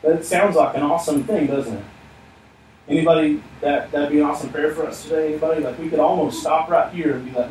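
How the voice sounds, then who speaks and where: A man's voice: a little high, fairly quick, darkish tone, recorded from a distance. A man preaching a sermon in church. He speaks animatedly and acts out the words of the figures he talks about. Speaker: pastor. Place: church sanctuary. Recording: echoey room, heard from afar, faint hiss.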